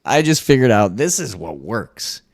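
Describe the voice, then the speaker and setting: A man hosting a casual solo podcast monologue, swearing freely and jumping into high mock voices now and then. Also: sing-song, normal speed, no echo, studio quality. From US East Coast. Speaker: podcast host.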